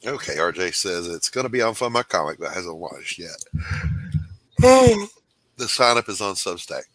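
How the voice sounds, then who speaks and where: A man's voice: sits low, expressive, fairly quick, sharp tone, rough recording. A man co-hosting a casual livestream chat, upbeat and joking, reading comments from the chat aloud. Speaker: co-host.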